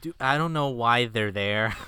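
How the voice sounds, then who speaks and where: A man's voice: mid-range voice, normal speed, sharp tone, smooth. A man co-hosting a casual movie-review chat, summarizing the plot in a laid-back, wry way. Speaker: podcast co-host.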